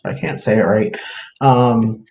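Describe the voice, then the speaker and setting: A man selling crafts on a livestream shows his pieces to viewers, chatting casually and rambling with many fillers. His voice is lowish, steady and a little mellow, and he takes his time. The audio has a roomy, dull lo-fi quality with faint hiss.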